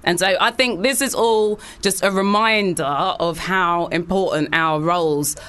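Earnest commentator, animated talk. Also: mid-range voice. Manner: earnest, fast and animated, with frequent fillers and restarts. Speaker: political commentator. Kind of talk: casual political chat.

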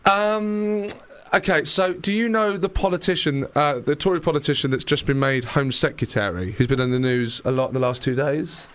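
A man's voice: fairly high pitch, normal speed, fairly bright tone, clear, resonant tone. A man co-hosting a casual comedy chat, rambling and teasing, often laughing. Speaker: co-host.

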